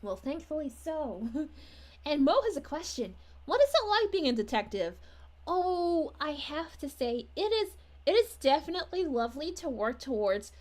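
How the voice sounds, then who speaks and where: A woman doing bubbly high Princess Peach. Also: a little mellow. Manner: gushing and giggly, sing-song. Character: sweet, bubbly young princess turned detective. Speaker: character streamer reading chat. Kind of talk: in-character livestream chat.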